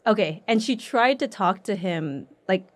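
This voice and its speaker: A woman's voice: medium pitch, animated, unhurried. A woman hosting a podcast, chatting in a friendly, playful way with a friend. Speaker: podcast host. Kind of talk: casual chat.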